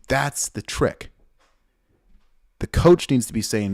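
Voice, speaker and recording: A man's voice: lowish voice, lively intonation, unhurried, dry recording, clean studio sound. A middle-aged man, a weightlifting coach, giving blunt, fired-up casual commentary over a training video, swearing and repeating himself.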